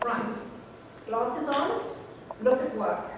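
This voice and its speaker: A woman's voice: a little high, lively intonation, takes it slowly. A woman on stage acting a complaining, ailing middle-aged accountant in a comedy revue. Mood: determined. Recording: distant, echoey hall recording with noise.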